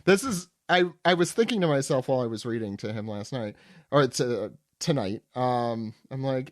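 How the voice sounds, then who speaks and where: A man's voice: mid-range voice, big pitch swings, unhurried, dry recording, clean studio sound. A man hosting a podcast, recapping a comic in self-mocking, laughing casual chat. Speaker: podcast host.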